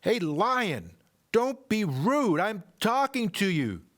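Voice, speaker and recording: A man's voice: sing-song, takes it slowly, full character voice. A man reading a storybook aloud and voicing an impatient, rude young boy with a raised, pushy voice. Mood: annoyed. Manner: high, pushy and petulant.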